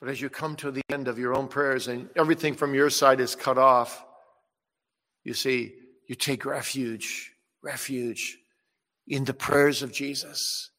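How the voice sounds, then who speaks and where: A man preaching a sermon with passion, rising loud when he voices Jesus and dropping soft and low when he pleads. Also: little pitch movement, moderate pace. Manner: impassioned, swells loud on quoted words of Jesus and drops soft on pleading. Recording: long reverb of a large hall.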